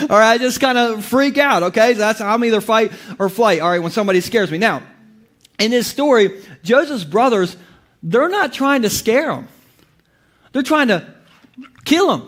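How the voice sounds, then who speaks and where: A male pastor with a high voice preaches in a loose, joking style. He talks to the congregation as if in conversation, often stopping and restarting mid-sentence. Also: expressive, moderate pace, fairly bright tone. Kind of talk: sermon.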